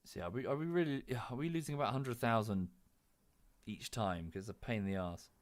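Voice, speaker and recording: A man's voice: medium pitch, a little fast. Man streaming, chatty and self-mocking. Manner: chatty, self-mocking, coos baby talk at his dog. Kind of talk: casual game commentary.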